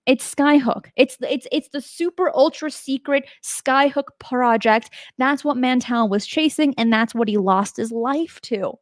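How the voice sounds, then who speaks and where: A woman with a fairly high voice hosts a show on unexplained cases. She talks in a chatty, emphatic way and keeps asking her listeners questions. The recording is dry and close, with no room sound. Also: unhurried, hardly any pauses, dry recording. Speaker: host. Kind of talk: casual spoken narration of paranormal cases.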